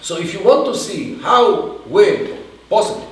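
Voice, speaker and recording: A man answering an audience question in a halting lecture style, with many restarts and pauses. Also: high voice, expressive. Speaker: guest speaker. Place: event hall. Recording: echoey room from far off, faint hiss.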